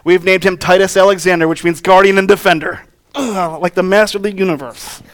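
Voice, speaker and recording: A man's voice: sits high, fairly even intonation, fairly quick, a bit bright. A man in his thirties, a pastor, preaching a sermon in an earnest, conversational way with personal stories.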